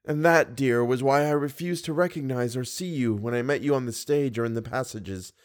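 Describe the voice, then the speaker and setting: A man voicing a young woman singer, devoted yet fearful, in a storybook reading. Her lines come in a measured, earnest tone at a middling pitch. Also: close to an everyday voice. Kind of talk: audiobook reading.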